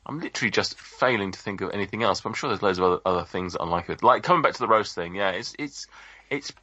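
A man's voice: lowish voice, fast talker, pushed and bright, no room sound. A man co-hosting a podcast, chatting casually and rambling with lots of ums and restarts. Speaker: podcast co-host. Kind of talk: casual chat. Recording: dull lo-fi podcast audio.

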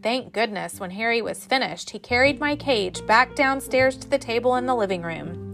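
Animated woman reading a children's story. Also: a little high, normal speed, gravelly, faint music behind. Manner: expressive, animated. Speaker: teacher reading to a class. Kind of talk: children's story read-aloud.

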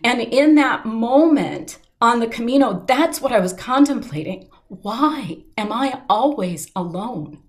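A middle-aged woman with a fairly high, animated voice relates a personal story in an interview. Her telling is earnest and heartfelt, and she slows at the emotional moments.

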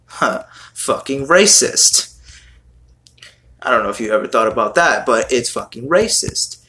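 A man's voice: medium pitch, pushed and bright. A man giving casual reaction commentary on song lyrics, exasperated and swearing as he mocks them.

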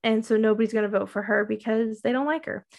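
A woman chatting casually as a podcast co-host, walking through a recap in a rambling way. Her voice sits a little high for a woman, and she leans on "um" and "like" as she goes. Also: fast, creaky, a little mellow. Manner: rambling, many fillers and likes. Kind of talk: casual chat recapping a TV show.

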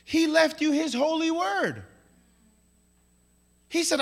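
Brief: male pastor, very high and bright voice, emphatic sermon delivery with loud-to-hushed swings, long hall reverb. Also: animated, vocal fry. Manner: emphatic, repeats key lines, swings between loud and hushed; playful asides and quick voiced-up quotes.

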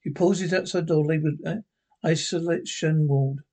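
A man's voice: a little high, steady tone, normal speed, darkish tone. A man reading a script aloud, stumbling and restarting over words. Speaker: reader.

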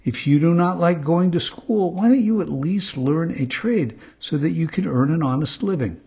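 Old philosopher cricket, calm and preachy, husky and pitched up, voiced by a male narrator; lo-fi storybook. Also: moderate pace, full character voice.

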